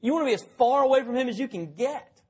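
A man with a fairly high, husky voice preaches a sermon. He talks in a conversational way, putting questions to his listeners and telling anecdotes. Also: animated, fast. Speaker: pastor.

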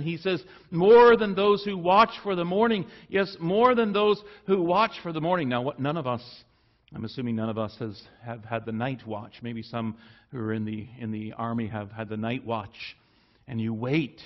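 A man preaching a sermon in an earnest way, rising for emphasis and then dropping low and soft. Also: highs cut off.

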